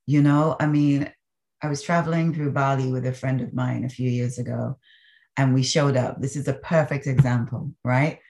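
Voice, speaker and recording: Low-voiced, animated Caribbean woman. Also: moderate pace. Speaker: podcast guest. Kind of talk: storytelling in a conversational interview.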